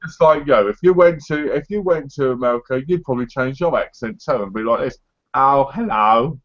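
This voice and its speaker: A man's voice: medium pitch, lively intonation, brisk, dull audio. An English man co-hosting a casual live chat, blunt, sweary and mock-boastful. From England. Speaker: co-host. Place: living in America.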